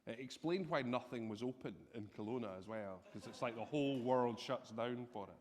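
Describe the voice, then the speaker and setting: A man preaching a sermon, telling a personal story in an animated, self-deprecating way. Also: medium pitch, brisk, few pauses. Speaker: pastor. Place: church hall. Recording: long reverb from a church hall.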